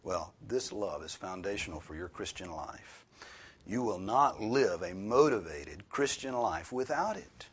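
Husky-voiced male preacher, dramatic hushes. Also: low voice, lively intonation, a little slow. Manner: emphatic, swings from loud stress to hushed near-whisper. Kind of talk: expository sermon.

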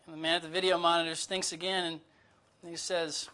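Bright, high-voiced male guest preacher. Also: level tone, quick pace, few pauses. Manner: conversational, with humorous asides and disclaimers; reads closely from notes. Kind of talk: sermon.

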